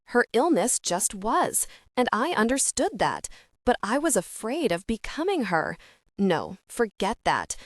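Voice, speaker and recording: A woman narrating a first-person audiobook with a steady, earnest reading. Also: fairly high pitch, measured pace, dry recording, studio quality.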